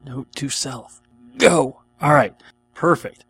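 A man's voice: mid-range voice, takes it slowly, a bit bright, husky, soft background music. A man hosting a podcast, answering listener questions in an enthusiastic, rambling casual chat. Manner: enthusiastic, rambling, laughs often.

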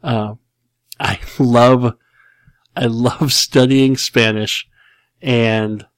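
A man's voice: medium pitch, fairly even intonation, extremely slow, no echo. Rambling, chuckling man host, dry sound. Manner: rambling, self-deprecating, chuckles often. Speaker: podcast host answering listener questions. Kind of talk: casual chat.

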